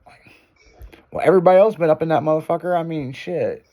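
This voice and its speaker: A man's voice: a little high, fast, dark tone. A man hosting a radio show, spinning a raunchy tale in loose, profane chat. He curses constantly and breaks into laughter as he talks. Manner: profane, laughing through his story. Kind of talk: crude casual storytelling. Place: radio studio.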